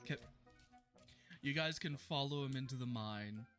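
A man narrating as game master in a tabletop game, animated and laughing often. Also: mid-range voice, moderate pace, faint music behind.

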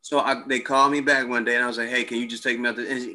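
A man's voice: mid-range voice, racing, hardly any pauses. A man in casual chat, telling stories with slang and lots of cursing. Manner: profane, animated storytelling with slang.

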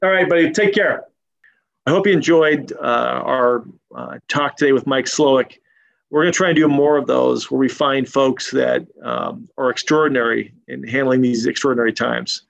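A man's voice: medium pitch, steady tone, normal speed, gravelly, dull audio. A man hosting a podcast interview, talking in a casual, rambling way with many fillers and restarts. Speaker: podcast host.

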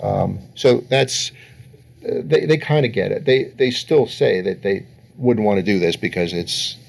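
A man's voice: fairly low pitch, measured pace, gravelly. An older man, a family therapist being interviewed, telling anecdotes and laughing as he talks. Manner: storytelling, voices others in quotes with lots of laughter. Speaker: guest therapist. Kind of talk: interview answers.

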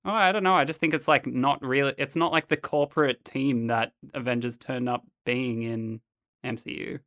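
Bright-voiced, giggly man chatting. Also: medium pitch, fairly even intonation, normal speed. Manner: giggly, upbeat, laughs often. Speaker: podcast co-host. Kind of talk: casual chat.

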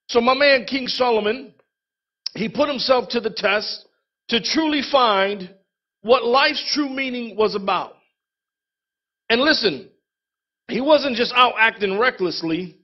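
A man delivers a lively, conversational sermon and keeps calling out to his congregation. His voice sits high for a man. The recording is dull and lo-fi. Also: a little slow, pauses often. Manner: lively, conversational preaching with congregation call-outs. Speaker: pastor.

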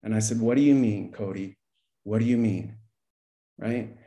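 A middle-aged man tells a story in a conversation, with a dark, mellow tone and a rough, gravelly edge. He acts out the dialogue as he goes and laughs often. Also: fairly low pitch, normal speed. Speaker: podcast guest, school principal.

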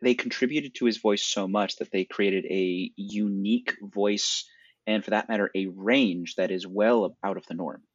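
A man with a low voice, recorded dry and a little muffled on a home setup. He talks through film details in a casual, explanatory way, going on at length about sword styles and old movies. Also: steady tone, normal speed, breathy edge, no room sound. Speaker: podcast co-host. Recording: dry, dull lo-fi sound.

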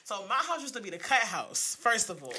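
A woman, telling stories in a casual chat, animated and slangy, swearing freely. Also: mid-range voice, fairly quick.

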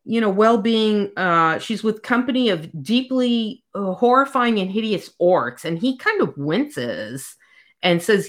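A woman's voice: mid-range voice, animated, a little slow. A woman in a casual book discussion, retelling the plot with animation and acting out the quotes.

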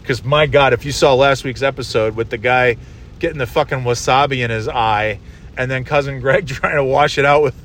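A man's voice: mid-range voice, fairly even intonation, normal speed, a bit bright. A man hosting a casual solo monologue from inside a car, rambling and swearing freely. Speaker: solo podcast host. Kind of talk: casual monologue while driving.

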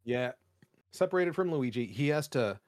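Here a young podcast co-host chats casually, full of fillers, jokes, and rambling tangents. He speaks at a medium pitch and normal pace, sounding animated and slightly mellow. It's studio quality with no room sound.

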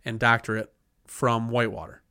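Animated, swearing man telling stories. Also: mid-range voice, normal speed, clear, resonant tone, dry recording, studio quality. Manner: animated storyteller, laughs and swears often. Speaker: podcast co-host. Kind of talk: casual storytelling chat. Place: podcast studio.

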